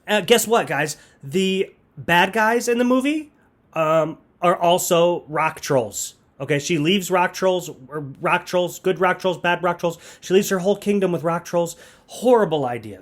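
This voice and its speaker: A man giving a comedic, grumpy movie review monologue with sarcastic, rambling asides. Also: a little high. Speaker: youth ministry comedy reviewer.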